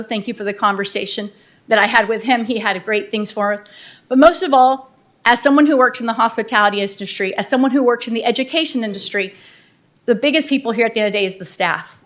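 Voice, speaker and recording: Standing in the council chamber after winning her city council seat, a woman with a slightly high voice offers an unscripted, energetic speech brimming with sincere thanks.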